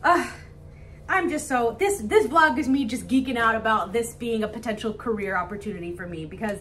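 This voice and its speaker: A young woman vlogging casually to camera, bubbly and gushing with excitement. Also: on the high side, a little fast, distant mic, noisy background. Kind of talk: casual vlog talk to camera.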